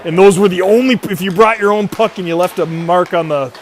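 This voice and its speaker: Rambling Midwestern hockey stream commentator. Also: male voice, high voice, a little fast, slight background noise. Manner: rambling, chatty, self-mocking. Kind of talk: casual livestream commentary.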